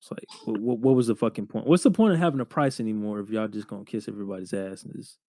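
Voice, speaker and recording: A young man in his twenties, co-hosting a podcast, telling job stories in a casual, profane, animated way full of slang. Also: on the low side, rapid-fire, no echo. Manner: slangy, profane, animated retelling with lots of "bro". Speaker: podcast co-host. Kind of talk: casual storytelling chat.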